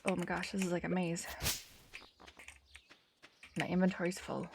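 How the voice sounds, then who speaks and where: A woman's voice: medium pitch, lively intonation, moderate pace, gravelly, long pauses, a little hiss or hum. A woman giving casual, chatty commentary while live-streaming a game, thinking aloud as she plays.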